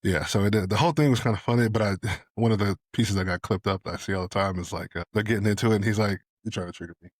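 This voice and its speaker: A man co-hosting a casual podcast, joking around and laughing as he recounts clips. His low, husky voice moves at a fast clip and sounds dry and close to the mic. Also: dry recording. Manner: laughs often, loose and joking, quotes others. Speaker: podcast co-host. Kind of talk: casual chat.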